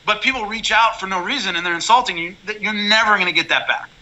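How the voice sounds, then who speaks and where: A man talking as a guest in a casual interview, blunt and animated, telling stories with many restarts. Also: sits high, fast talker, dull audio. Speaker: MMA color commentator, guest.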